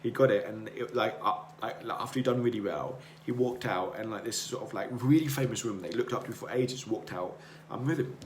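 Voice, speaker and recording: A man's voice: on the low side, brisk, hardly any pauses. A man hosting a podcast, giving an earnest, rambling motivational monologue that repeats itself as he circles his points. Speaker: podcast host. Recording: roomy echo, faint noise.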